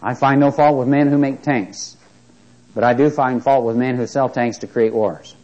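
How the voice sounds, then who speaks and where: A man's voice: medium pitch, fairly even intonation, normal speed, darkish tone. An older man preaching a sermon, emphatic and lifting his voice to stress key words. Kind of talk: sermon on prophecy. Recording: dull lo-fi recording.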